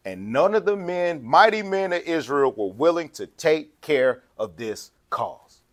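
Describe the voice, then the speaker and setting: A man preaching with a slightly raised pitch, keeping things conversational and animated. He acts out quotes between points and laughs easily while he talks. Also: unhurried. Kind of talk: sermon.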